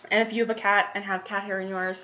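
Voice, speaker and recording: A woman's voice: mid-range voice, little pitch movement, fast, sharp tone. A young woman chatting casually to camera about her cross-stitch, rambling with laughing asides, recorded at home in a small apartment.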